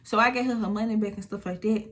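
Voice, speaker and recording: A young woman, telling a storytime vlog in a casual, animated way, acting out what people said. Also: mid-range voice, quick pace. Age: 20s. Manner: animated retelling, acting out quotes, frequent swearing. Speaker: storytime vlogger.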